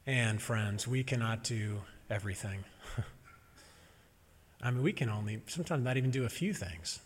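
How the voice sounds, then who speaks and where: A man preaching a sermon as a minister, gentle and reflective with touches of humor. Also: lowish voice, unhurried, slightly rough, long reverb tail.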